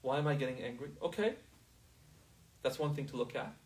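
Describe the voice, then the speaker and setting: A man's voice: mid-range voice, lively intonation, a little fast, recorded from a distance, poor audio. A man teaching a class in a casual, conversational way, often checking whether his students understand.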